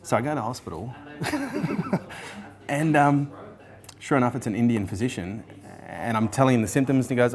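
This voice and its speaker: A man in his forties telling his life story in an interview, animated, swearing freely and acting out what people said. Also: medium pitch, normal speed. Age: 40s. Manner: animated, swears freely, acts out quoted speech.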